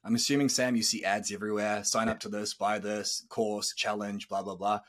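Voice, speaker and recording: A man's voice: on the low side, little pitch movement, a little fast. A man in his thirties hosting a podcast, telling a personal story in a candid, earnest way and swearing casually. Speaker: podcast host.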